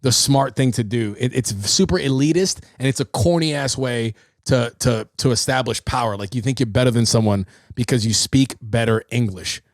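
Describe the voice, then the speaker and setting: Gravelly-voiced man swearing through a livestream. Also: mid-range voice, normal speed, no echo, clean studio sound. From New York City. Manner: animated storyteller, swearing freely. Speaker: podcast host. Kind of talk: casual livestream monologue.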